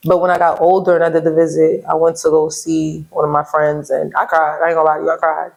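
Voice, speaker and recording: Young Brooklyn woman, guest on a casual talk show, quick lively storytelling, New York accent. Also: low-pitched, creaky, poor audio. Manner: animated storyteller, acts out quotes, laughs often.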